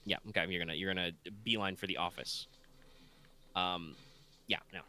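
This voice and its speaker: A man's voice: low voice, steady tone, moderate pace, sharp tone. A man narrating a tabletop game as game master over a voice call, drowsy and rambling with many fillers. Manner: rambling, full of fillers and restarts. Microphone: online voice call.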